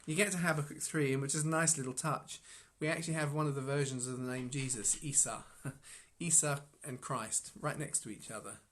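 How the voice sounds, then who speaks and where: Man, lay Bible teacher, mid-range pitch. Unscripted devotional musing with halting restarts and light chuckles. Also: steady tone, a bit bright, slight background noise. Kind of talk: informal devotional reflection.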